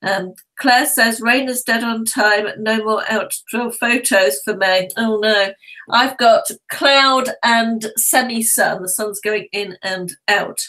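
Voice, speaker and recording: A woman's voice: a little high, slow pace, sharp tone, rough recording. A woman co-hosting a live stream from home, friendly, reading out viewers' names in casual chat.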